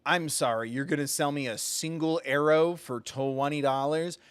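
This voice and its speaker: A man's voice: a little high, steady tone, normal speed, smooth, no room sound. A man streaming a video game live, chatting casually with viewers in a rambling way and swearing freely. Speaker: gaming streamer. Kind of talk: casual live gameplay commentary.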